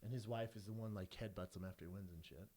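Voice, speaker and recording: A man co-hosting a casual podcast in a studio, telling profane stories and acting out other people's voices loudly. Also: fairly low pitch, steady tone, fast. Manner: profane storyteller, acts out quoted voices loudly. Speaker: podcast co-host.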